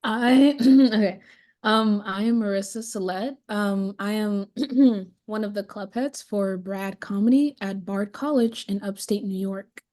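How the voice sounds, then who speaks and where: Woman, improv club head, slow, warm dark tone, halting. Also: medium pitch. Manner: halting, clears throat often. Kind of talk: panel talk over video call. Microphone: video call.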